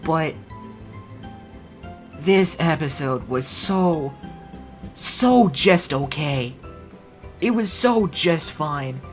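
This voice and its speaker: A woman's voice: low voice, expressive, drawn-out words, pauses often, faint music behind. A woman streamer chatting casually on a livestream, rambling in a wry, sarcastic way.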